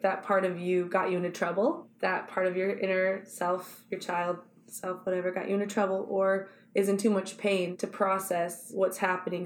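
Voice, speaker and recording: A woman's voice: on the low side, slight background noise. Woman on a podcast sharing a personal story, open and emotional, echoey room. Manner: candid, emotional storytelling with quoted inner voices. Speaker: podcast co-host, actor. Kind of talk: casual chat.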